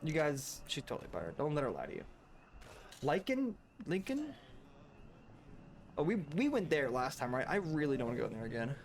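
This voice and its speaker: A man's voice: medium pitch, very animated, racing, few pauses, slight background noise. A man chatting casually while streaming a video game, laughing often and rambling into asides. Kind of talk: casual gameplay chat.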